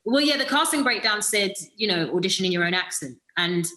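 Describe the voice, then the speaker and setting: Her voice now lands in the middle range, quick and expressive with a sharp edge. As an interview guest, the British actor chats thoughtfully about her role, stumbling through fillers and restarts on a rough recording.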